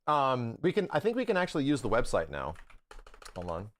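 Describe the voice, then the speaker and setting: A man's voice: mid-range voice, wildly swooping pitch, a little fast, no room sound. A man live-streaming, chatting casually with his viewers, rambling through opinionated takes and swearing freely.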